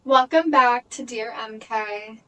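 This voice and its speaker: A woman's voice: fairly high pitch, slow pace, fairly bright tone, recorded from a distance, poor audio. A young woman co-hosting a podcast, chatting casually and frankly, full of "like" and the odd swear. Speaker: podcast co-host. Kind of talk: casual chat.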